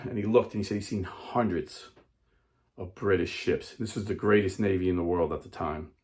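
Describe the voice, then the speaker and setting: A man's voice: sits low, moderate pace, darkish tone. A man giving a dramatic storytelling speech, emphatic and acting out characters as he goes. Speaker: speaker.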